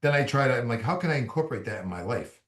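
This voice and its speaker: A man's voice: mid-range voice, racing. Boston man on an echoey video call. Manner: animated storyteller, repeats words when starting. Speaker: guest speaker. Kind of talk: casual group video call chat.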